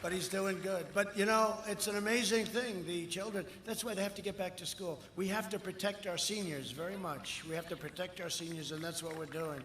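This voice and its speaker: A man's voice: sits high, fairly even intonation, fairly quick, hardly any pauses, fairly bright tone. A man in his seventies giving a campaign rally speech, rambling and repetitive with mocking asides. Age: 70s. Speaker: political candidate at a rally. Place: large outdoor rally. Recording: echoey rally sound system with long reverb and faint noise.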